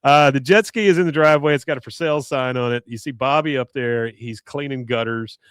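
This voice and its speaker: A man's voice: medium pitch, fairly quick, clean tone, dry recording, studio quality. A man co-hosting a podcast, recapping an episode in casual chat with quoted lines and laughs. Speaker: podcast co-host.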